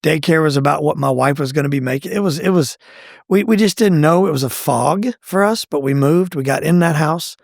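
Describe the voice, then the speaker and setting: Middle-aged guy telling his story, gravelly, jumps into voices, dry mic. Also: a little fast, few pauses, no room sound. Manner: animated, acts out quoted lines with pitch jumps. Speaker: guest telling his testimony. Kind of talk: conversational storytelling.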